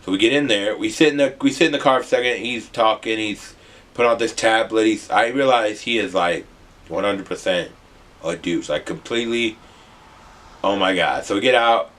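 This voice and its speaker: A young man from the US Midwest, telling a rambling, animated storytime with some swearing. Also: fairly low pitch, normal speed. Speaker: vlogger. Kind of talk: casual storytime.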